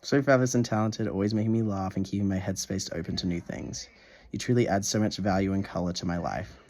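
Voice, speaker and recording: A man's voice: sits low, steady tone, quick pace, darkish tone. A young man in a casual video diary, gushing over a gift and swearing freely, stumbling as he reads a letter aloud at home. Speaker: vlogger.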